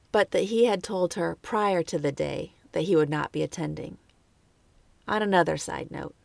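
A woman narrating a scripted true crime story in a measured way, with brief personal asides. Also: deep voice, vocal fry, dry recording. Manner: measured, lightly commenting asides.

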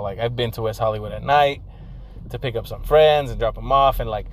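A man's voice: medium pitch, fairly quick, slight background noise, rough recording. A young man telling a casual, profane story, switching between English and Spanish slang.

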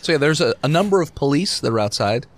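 A man's voice: on the high side, lively intonation, quick pace, background noise. A man running a tabletop game as game master, talking in a casual, laid-back way and swearing. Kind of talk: tabletop role-play podcast.

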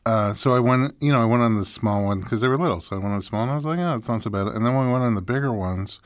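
A man's voice: mid-range voice, rapid-fire, no echo, studio quality. A man hosting a podcast, chatting casually and playfully and asking follow-up questions. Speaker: podcast host. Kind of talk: casual chat.

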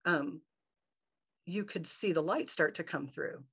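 Woman from michigan telling her story on a podcast, gravelly voice, acts out her thoughts as she goes. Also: sits low, measured pace. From Michigan, USA. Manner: animated, acts out her own inner thoughts in quotes. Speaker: guest. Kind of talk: personal storytelling in a podcast interview.

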